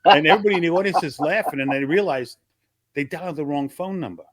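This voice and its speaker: A man's voice: a little high, fast, a little hiss or hum. An older man, a comedian from Long Island, telling stories from his early days in a casual interview and acting out the voices of the people in them. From Long Island, New York.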